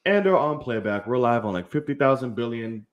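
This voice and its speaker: A young man hosts a casual film talk show, his pitch swinging up and down as he talks. He hypes the channel and swears freely in loose banter with his co-host. His voice sits in a middle register. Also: fairly quick, highs cut off. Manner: animated, swearing, hyping the channel. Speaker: podcast host. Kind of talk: casual chat.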